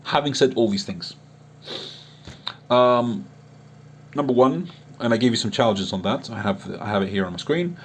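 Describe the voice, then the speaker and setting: A man's voice: medium pitch, animated, normal speed, pauses often, a little hiss or hum. A man addressing a critic in an unscripted online monologue, earnest and emotional, often restarting his sentences. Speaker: online Islamic preacher and chat-room admin.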